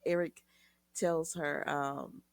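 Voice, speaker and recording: A woman's voice: low-pitched, steady tone, slow pace, dry recording. A woman recapping a soap opera episode in a chatty way, retelling scenes with quoted lines and asides to her viewers.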